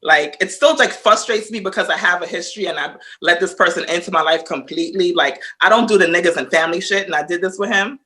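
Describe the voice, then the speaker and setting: Bright-voiced woman telling a story. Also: fairly low pitch, fast, hardly any pauses. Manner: animated, profane, acts out both sides of conversations. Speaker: podcast guest. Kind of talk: casual chat, storytelling.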